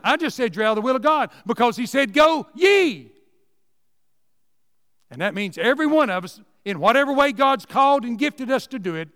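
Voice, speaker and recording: A man's voice: high-pitched, fairly bright tone, in a large hall. A man preaching a sermon in a church, folksy and emphatic, repeating key phrases for emphasis.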